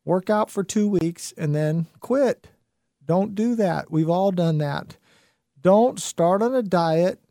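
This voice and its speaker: A man's voice: high voice, vocal fry, warm tone, dry recording, studio quality. A man hosting a radio talk show, telling stories and urging listeners on in an earnest, motivational way with many fillers.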